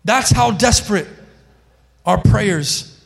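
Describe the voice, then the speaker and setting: A man's voice: high voice, lively intonation, slow, vocal fry. A male pastor preaching a sermon with passion, calling on people in the congregation by name. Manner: impassioned, calls on listeners by name. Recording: long hall reverb.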